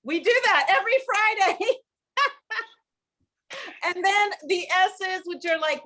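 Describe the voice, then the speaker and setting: High-voiced woman hosting a live stream. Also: a little slow, long pauses, pushed and bright. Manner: enthusiastic, asks the audience questions. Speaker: host.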